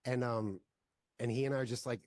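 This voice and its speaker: A filmmaker guest in a casual interview, telling long stories with lots of "like" fillers. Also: male voice, medium pitch, fairly even intonation, brisk, darkish tone, dry recording. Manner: rambling, heavy use of "like" fillers.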